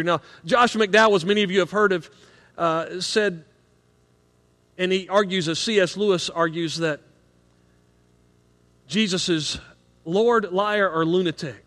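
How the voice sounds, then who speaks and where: High-voiced preacher in a reverberant church. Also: male voice, normal speed, long pauses, fairly bright tone. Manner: earnest, rising in emphasis on key points. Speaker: pastor. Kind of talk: sermon. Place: church sanctuary. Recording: long hall reverb.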